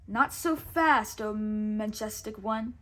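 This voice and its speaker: A woman's voice: mid-range voice, slow pace, fairly bright tone. A woman voicing a big, loyal male sidekick who blusters and threatens in a storybook. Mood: blustering.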